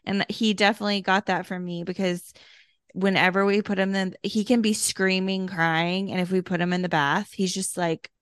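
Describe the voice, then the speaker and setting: A woman co-hosting a podcast in casual chat, chatty and quick to laugh, acting out the voices of people she quotes. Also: mid-range voice, fairly even intonation, fairly bright tone, smooth, no echo, studio quality. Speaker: podcast co-host.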